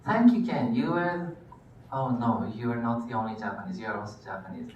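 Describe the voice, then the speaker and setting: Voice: medium pitch, a little fast, a little mellow, distant mic, dull audio. Laughing teacher in an echoey classroom. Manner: friendly, laughing, thanks students often. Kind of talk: running a class discussion. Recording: echoey classroom from afar, faint noise.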